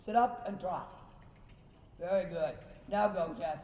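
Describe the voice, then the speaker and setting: Guy teaching a riding lesson, high voice, mellow tone, way off from the mic, cheers on the horses and fixes the riders. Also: unhurried, slight background noise. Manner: calls encouragement and corrections to riders and horses. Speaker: riding instructor. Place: riding arena. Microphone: recorder far from the speaker. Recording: distant, echoey, dull recording.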